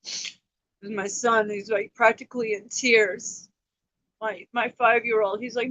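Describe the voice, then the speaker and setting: A woman's voice: fairly high pitch, level tone, a little slow, pauses often, fairly bright tone, dry recording, lo-fi sound. An emotional woman in her thirties, rambling on a personal livestream about her family, upset and close to tears. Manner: rambling, emotional, repeats herself. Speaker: livestream host.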